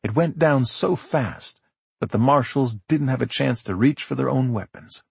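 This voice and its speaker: A man reads a novel aloud in a measured, steady way. His voice is gravelly and a little husky, and it sits close and dry with no room sound around it. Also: medium pitch, no room sound. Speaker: audiobook narrator. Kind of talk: scripted audiobook narration.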